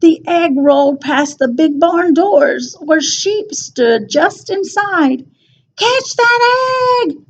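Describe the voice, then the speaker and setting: Woman reading a kids' picture book, high voice, super slow, bit muffled recording. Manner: very slow, expressive, sing-song storytelling with voiced characters. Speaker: storyteller.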